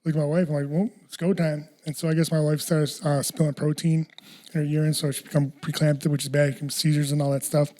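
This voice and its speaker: A man's voice: a little high, flat delivery, quick pace, mellow. A man hosting a casual podcast chat, telling a rambling story with lots of restarts and casual swearing. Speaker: podcast host.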